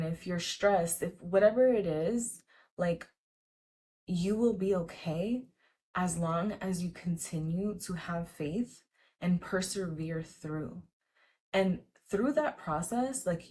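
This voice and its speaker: A young woman with a lowish, darkish voice vlogs to camera, giving a casual motivational talk. She sounds earnest and encouraging, chatty and repetitive, and her speech is packed with "like" and repeated words.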